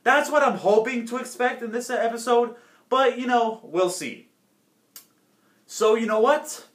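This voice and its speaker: A man doing casual reaction commentary as a YouTuber, rambling and halting with many restarts. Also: very high voice, a bit bright. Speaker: YouTuber reacting to a cartoon episode. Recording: roomy echo.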